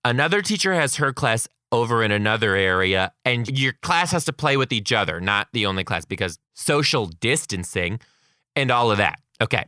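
Young male storyteller, expressive and swear-happy, bright tone, close dry mic. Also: mid-range voice, normal speed, no room sound. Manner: animated, swearing, acts out kids' voices. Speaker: kindergarten teacher. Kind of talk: casual storytelling.

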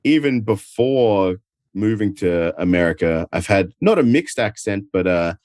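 Deep-voiced man with an Adelaide accent. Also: lively intonation, measured pace, darkish tone, dry recording, studio quality. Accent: Adelaide Australian. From Australia. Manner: easygoing, rambling, lots of filler words. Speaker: guest, professional wrestler. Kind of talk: casual interview chat. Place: at home.

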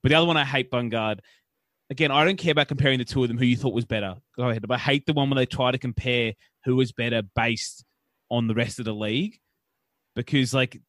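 A man's voice: medium pitch, no echo. Sweary man in dry-sounding casual chat. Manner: rambling, sweary storytelling. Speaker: podcast co-host.

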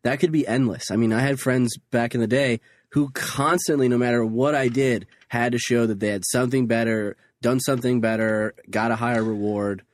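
A man on a podcast in casual chat, giving measured, practical advice. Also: medium pitch, steady tone, no echo.

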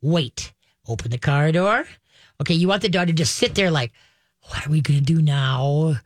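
Animated woman radio vet, dry studio. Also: sits low, no echo. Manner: animated, acts out dog owners in quick voices. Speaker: veterinarian radio host. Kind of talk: casual advice talk.

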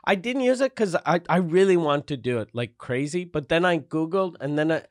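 Guy chatting with buddies, swears, bit high pitched, dry sound. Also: lively intonation, a little fast, no room sound. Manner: loose, profane, laughing chat. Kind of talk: casual chat.

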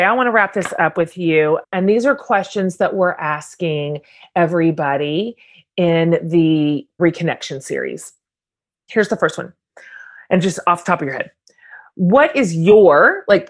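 A woman hosting a podcast interview, asking casual questions with lots of "like" and enthusiastic agreement. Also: sits low. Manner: warm, enthusiastic, filler-heavy questions. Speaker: podcast host.

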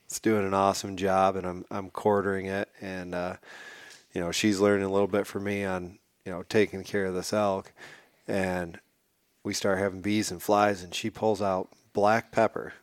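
A man as a podcast guest, telling a hunting story in a casual, animated way and acting out what people said. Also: sits low, normal speed, no echo, clean studio sound. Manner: animated, acts out quotes.

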